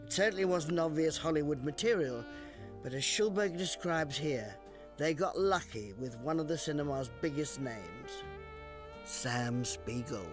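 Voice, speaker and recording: A man's voice: fairly high pitch, animated, unhurried. Male documentary narrator over music. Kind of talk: scripted narration.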